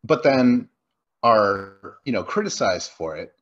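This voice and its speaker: A man's voice: mid-range voice, sing-song, measured pace, a bit bright, muffled recording. A man co-hosting a movie review podcast, chatting casually and swearing freely while acting out scenes in quoted voices. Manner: loose, profane, acts out scenes in quoted voices. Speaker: podcast co-host.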